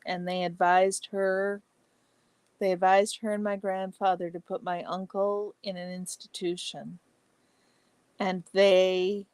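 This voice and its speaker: A woman with a mid-range voice hosts a casual livestream chat with no room sound. She reads viewer comments aloud and answers each person by name, chatty and exclamatory, with soft asides.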